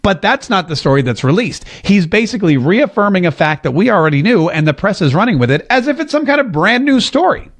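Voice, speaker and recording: A man talks through a political commentary podcast in a fairly high voice. He is emphatic and drives home his points by repeating phrases. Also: very animated, quick pace, hardly any pauses. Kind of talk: opinionated podcast monologue. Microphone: seated at a desk mic.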